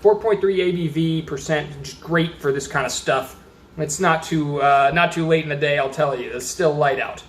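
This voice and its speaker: A man's voice: fairly high pitch, moderate pace. A man from Austin, Texas, chatting casually through a beer review at a table, rambling and reading labels aloud. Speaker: beer reviewer, channel host. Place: indoors at a table. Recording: roomy echo.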